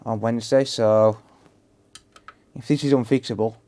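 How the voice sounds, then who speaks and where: An English livestream host with a Black Country accent repairs electronics while chatting casually to viewers. His mid-range voice is warm and steady at a moderate pace, and he laughs often and greets chatters by name.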